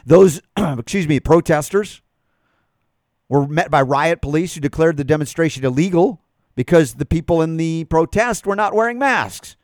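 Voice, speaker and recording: A man's voice: fairly high pitch, lively intonation, normal speed, no room sound, clean studio sound. A man hosting a talk radio show, reading an article aloud and adding emphatic commentary.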